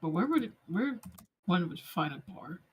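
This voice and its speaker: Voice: mid-range voice, very animated, normal speed, a little hiss or hum. A player in casual tabletop play, speaking in a hesitant, rambling way.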